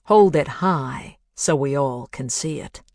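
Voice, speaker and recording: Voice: medium pitch, a little mellow, no room sound, clean studio sound. A narrator voicing a cold synthesized male captor with a Boston accent, drawing out taunting commands. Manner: slow, drawn-out, taunting commands.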